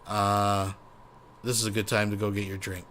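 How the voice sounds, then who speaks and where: A man's voice: lowish voice, level tone, moderate pace, a bit bright, a little hiss or hum. A man hosting a casual reaction commentary show, rambling and sarcastic with plenty of swearing. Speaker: commentary host.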